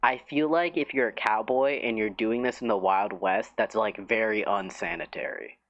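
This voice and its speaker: A man's voice: lowish voice, normal speed, gravelly. Giggly rambling man streaming, muffled sound. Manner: rambling, giggly and self-mocking. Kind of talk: casual live-stream chat.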